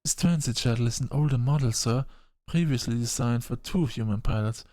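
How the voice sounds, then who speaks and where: A man's voice: medium pitch, brisk, darkish tone, no room sound, faint music behind, close to an everyday voice. A man voicing a dutiful, nervous female AI ship navigator who speaks formally and calls the passenger sir. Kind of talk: audiobook character voice.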